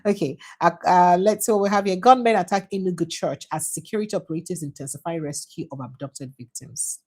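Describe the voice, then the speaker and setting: A Nigerian woman with a low, husky voice runs through the day's newspaper headlines, reading each one briskly. Between headlines she drops into short Pidgin comments on what she has read. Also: a little mellow. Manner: reads headlines quickly, slips into Pidgin asides. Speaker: news show host.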